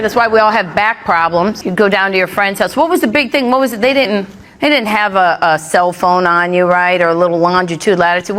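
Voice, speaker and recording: A middle-aged woman doing a stand-up routine on a club stage, telling punchy, brash stories and working the crowd. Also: medium pitch. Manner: brash, punchy storytelling with jokes landing to laughter. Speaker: stand-up comedian. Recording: live club recording with loud crowd laughter. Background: loud audience laughter.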